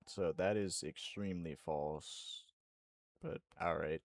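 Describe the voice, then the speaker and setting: A man's voice: deep voice, fairly even intonation, slow pace, dry recording, studio quality. A young man streaming a horror game, reacting with frequent swearing and laughs between lines. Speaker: gaming streamer. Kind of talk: casual gaming commentary.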